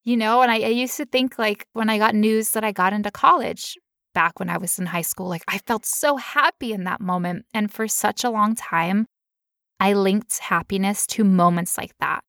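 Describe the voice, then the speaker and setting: A woman's voice: mid-range voice, normal speed, a bit bright, no echo, studio quality. A woman telling a personal story in casual chat, candid and emotional, now and then putting on playful voices.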